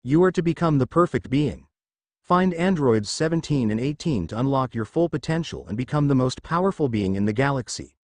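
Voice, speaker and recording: A man voicing a lab computer, a cold machine speaking in a monotone, mechanical drawl in a fan fiction audiobook. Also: medium pitch, brisk, dry recording, close to an everyday voice.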